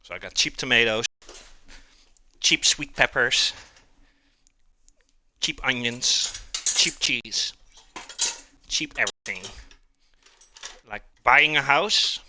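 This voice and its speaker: A man's voice: mid-range voice, slow pace, long pauses, sharp tone. A man hosting a live cooking stream, chatting casually and calling his viewers "guys" as he cooks.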